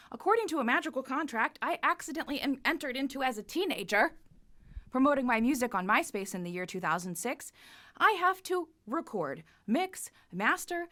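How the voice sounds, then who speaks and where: A woman's voice: sits high, pushed and bright. A woman in her thirties hosting a livestream variety show from home in a playful, campy manner. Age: 30s. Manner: playful, campy and quick-witted. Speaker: host. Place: home studio.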